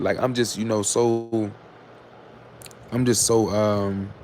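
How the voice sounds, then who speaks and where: Fairly low-pitched, level, and slow, a man hosts his own livestream with slight background noise behind him. His candid, casual chat talk rambles with fillers and restarts and turns sarcastic, occasionally breaking into loud scolding of commenters.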